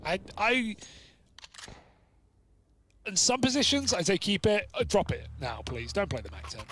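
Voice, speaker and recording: A man casting a live esports match, quick and chatty, bantering with his co-commentator. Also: high-pitched, big pitch swings, a bit bright, a little hiss or hum. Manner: quick, chatty, jokes with co-caster.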